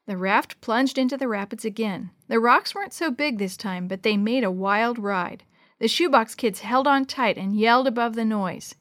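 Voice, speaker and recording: A woman reading a children's adventure story aloud, lively, changing her voice for each child and dropping to a hush for the whispered parts. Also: on the high side, normal speed, dry recording, clean studio sound. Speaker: storybook narrator.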